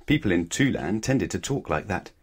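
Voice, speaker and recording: Lowish man reading a children's story. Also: lively intonation, moderate pace, slightly rough.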